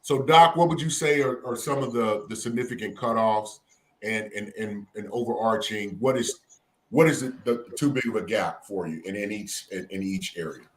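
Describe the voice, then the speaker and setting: A man hosting an online talk show, laughing often and halting over his words. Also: fairly low pitch, slight background noise. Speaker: host. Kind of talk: casual chat.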